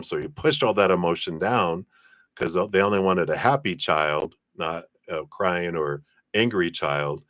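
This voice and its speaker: A man giving a live-streamed card reading, chatting to viewers by name and passing on messages in a drawn-out, hesitant way. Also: low-pitched, fairly bright tone, no echo. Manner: chatty, reads viewer names and passes on spirit messages. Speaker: tarot reader.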